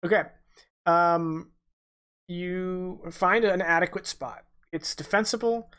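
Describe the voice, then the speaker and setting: A man running a tabletop game as game master, narrating with many restarts and pauses. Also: high voice, a bit bright, clean tone. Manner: halting, lots of restarts and ums.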